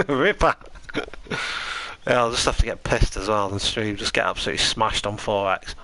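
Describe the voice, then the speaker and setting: A man's voice: on the low side, fairly even intonation, fast, sharp tone, poor audio. A tired man giving chatty, rambling commentary on a live sim racing stream and answering his chat.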